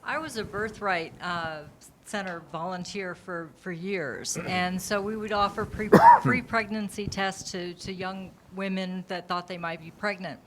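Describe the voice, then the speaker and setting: A woman on a panel telling a heartfelt story, clearing her throat now and then. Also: fairly low pitch, measured pace, background noise. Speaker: panel participant.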